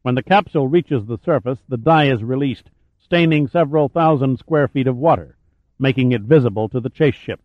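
A man narrating an audiobook in a measured, even reading voice. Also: mid-range voice, dry recording. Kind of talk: scripted narration. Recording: tinny phone-like audio.

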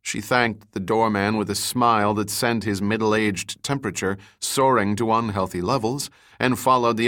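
Casting: male narrator, low voice, measured novel reading. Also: a bit bright. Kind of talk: audiobook narration.

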